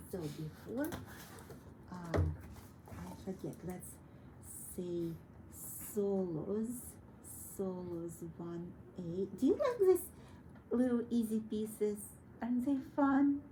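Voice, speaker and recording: A woman teaching a young child piano, gently coaxing and encouraging her through each step. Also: lowish voice, slow pace, noisy background. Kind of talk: one-on-one children's piano lesson. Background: piano playing.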